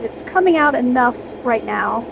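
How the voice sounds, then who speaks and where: A woman's voice: a little high, lively intonation, normal speed, vocal fry, background noise. A young woman streaming casually while airbrushing miniatures, chatting with her viewers and cheering herself on in an upbeat, playful way.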